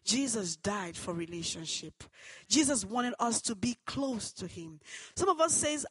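A woman giving an earnest personal testimony that turns into preaching, moving between hushed and loud, fervent passages. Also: mid-range voice, animated, a little slow, husky, dry recording, rough recording. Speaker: testimony speaker.

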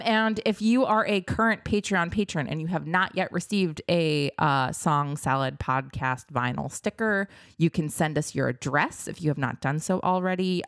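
Woman co-host, casual and chatty, lowish voice, close dry mic. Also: no echo. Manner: chatty, many fillers and laughs. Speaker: podcast co-host. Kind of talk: casual chat.

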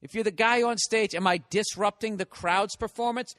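A man's voice: sits high, moderate pace, fairly bright tone, in a large hall. Profane rambling male comic. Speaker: podcast host and comedian. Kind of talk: solo comedic podcast monologue.

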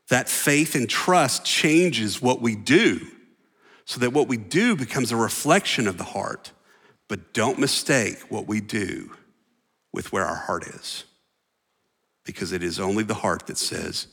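A man preaching a sermon as pastor, animated, acting out voices and dropping at times to a near whisper. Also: on the low side, unhurried, creaky, breathy edge. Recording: long reverb of a large hall.

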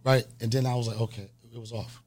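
A middle-aged man hosting a podcast, telling a profane comic story in an animated way and acting out scenes with mock gasps. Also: mid-range voice, fast talker. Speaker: podcast host and comedian.

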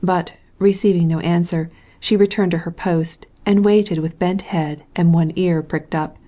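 In a fairly low-pitched voice, a female audiobook reader narrates a classic novel with a steady, measured delivery.

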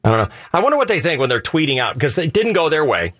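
A male radio host chats in loose, joking banter and rambles from one point to the next. His voice is slightly husky and swings widely in pitch. The sound is close and dry, with no room around it. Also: sing-song, rapid-fire, a bit bright, no room sound. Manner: joking, rambling, asks leading questions. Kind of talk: casual talk radio banter.

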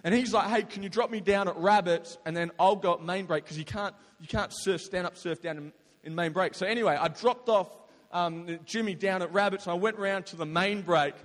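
A young man tells a story to a listening crowd in a lively, slangy way, breaking into loud outbursts. His voice sits high for a man. The sound rings with a long hall reverb. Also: fairly quick. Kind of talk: casual storytelling to an audience.

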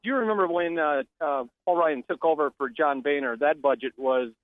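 A man calling in to a political talk radio show, talking in a halting, conversational way over the phone. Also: fairly high pitch, no room sound. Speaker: caller. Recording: tinny phone line.

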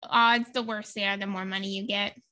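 A woman's voice: medium pitch, little pitch movement, a little fast, pushed and bright. A woman in casual chat, co-hosting and adding short, dry interjections. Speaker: podcast co-host.

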